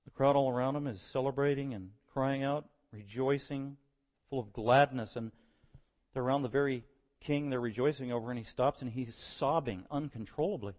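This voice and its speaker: A man preaching a sermon, moving between quiet verse-by-verse teaching and loud, impassioned stretches. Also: medium pitch, normal speed.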